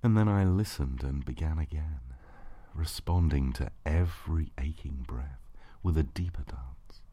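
A man narrating an intimate erotic audio story in a slow, hushed voice that often drops to a breathy whisper. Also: rumbling low, dry recording, dull audio.

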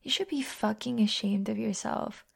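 A woman with a mid-range, creaky voice and a breathy edge exaggerates her delivery to play a scornful, domineering young woman in a whispered role-play. Her taunting is slow, harsh, mocking, and profane.

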